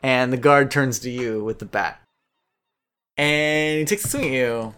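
A man narrates a tabletop adventure as game master, easygoing and quick to laugh. His voice sits in a middle range. Faint guitar music plays underneath. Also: medium pitch, sharp tone, clear, resonant tone. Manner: chatty, laughs often, easygoing.

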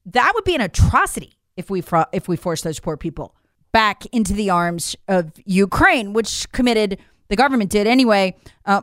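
Animated, smooth-voiced woman commentator. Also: mid-range voice, no room sound, studio quality. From United States. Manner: emphatic and incredulous, with rhetorical questions. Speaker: political commentator. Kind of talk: opinion commentary.

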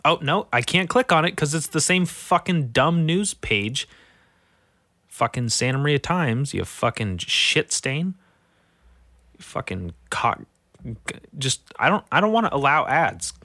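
A man's voice: fairly high pitch, big pitch swings, a little slow, sharp tone, no echo, studio quality. A young man hosting a solo podcast, grumbling and swearing as he reads out local headlines. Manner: profane, irritable, grumbling. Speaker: podcast host.

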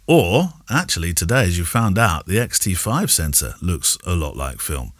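A man's voice: sits low, big pitch swings, moderate pace, no echo, clean studio sound. A man from Yorkshire with an English received pronunciation accent, co-hosting a casual podcast, chuckling often and reading out listener questions. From Yorkshire, England. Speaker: podcast co-host. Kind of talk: casual chat.

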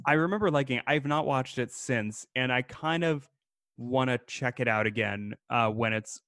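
A man's voice: mid-range voice, moderate pace, no echo. Man rambling with a dry close sound. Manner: rambling, animated, laughing asides. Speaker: podcast co-host. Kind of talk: casual film discussion.

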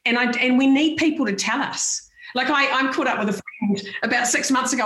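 A frank, outspoken woman in her forties, chatting as a podcast guest. Her voice sits a little high, and she laughs often. The room gives her a roomy echo. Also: a little fast, hardly any pauses, fairly bright tone. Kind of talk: casual chat.

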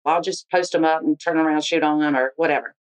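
A woman, telling a frank, animated story about her sports life in an interview. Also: sits low, fast, low-quality recording. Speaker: interviewee, football official.

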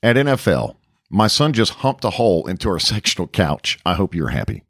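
A man co-hosting a radio show, teasing and joking in a wry, deadpan way during casual chat. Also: low-pitched, brisk, no room sound, clean studio sound. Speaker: radio co-host.

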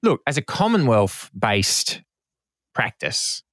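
A man hosting a casual chat, talkative and quick to laugh. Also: mid-range voice, big pitch swings, a bit bright, dry recording, studio quality. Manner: chatty, laughs a lot. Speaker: podcast host.

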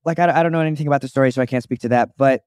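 A man's voice: medium pitch, racing, darkish tone, clean tone, dry recording. A young man co-hosting a podcast in a casual chat, rambling and restarting his sentences with many "like"s. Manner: rambling, restarts often, says "like" a lot. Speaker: podcast co-host, actor.

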